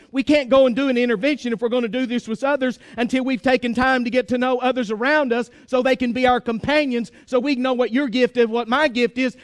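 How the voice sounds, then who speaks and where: A man's voice: extremely high pitch, dry recording, clean studio sound. A man preaching a sermon to his congregation, emphatic and exhorting, repeating phrases for force. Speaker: pastor.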